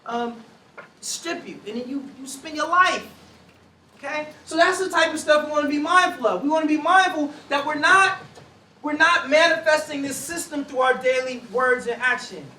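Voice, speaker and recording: A man talks to a room of college students in a loud, slangy, preacher-like way, acting out other people's voices. His voice sits high and bright. It sounds distant and echoey, with faint room ambience. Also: normal speed, a little hiss or hum. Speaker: speaker to students. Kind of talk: energetic talk to college students. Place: large room with audience.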